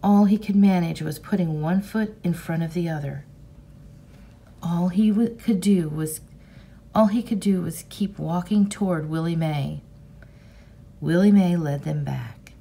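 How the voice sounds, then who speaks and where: A teacher reading a novel aloud to her class in a measured, expressive storybook manner. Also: lowish voice, gravelly, breathy edge.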